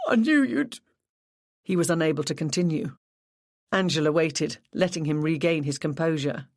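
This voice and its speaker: Audiobook narrator, measured and even, mid pitch, dry close mic. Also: no echo. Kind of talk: scripted narration.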